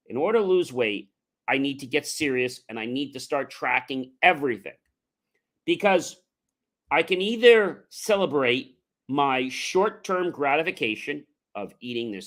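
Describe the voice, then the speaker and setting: A middle-aged man hosting a podcast, giving an earnest, conversational motivational talk with frequent fillers and loud emphatic rises. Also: medium pitch. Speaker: entrepreneur podcast host.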